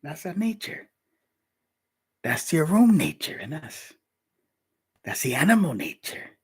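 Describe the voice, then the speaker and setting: A man's voice: a little high, sing-song, a little slow, slightly rough. A man giving an informal scripture teaching in a streetwise, conversational preaching manner. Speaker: religious teacher.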